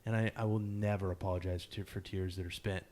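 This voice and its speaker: A man, a podcast guest, telling stories casually with lots of fillers and self-mocking laughs. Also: low-pitched. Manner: animated, laughs at himself, many fillers; slow, measured poetry reading. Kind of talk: casual storytelling interview.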